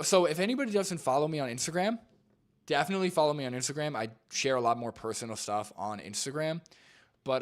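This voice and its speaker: Laid-back young man chatting casually. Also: mid-range voice. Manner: laid-back, filler-heavy, says "like" and "dude" a lot. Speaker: streamer reacting to a video and reading chat. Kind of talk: casual live-stream chat.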